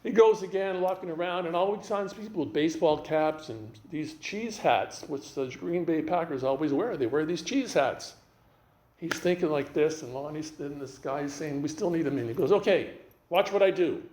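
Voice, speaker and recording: A man speaking as a guest rabbi, telling stories in an animated way and acting out the dialogue. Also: a little high, moderate pace, roomy sound. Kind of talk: storytelling talk.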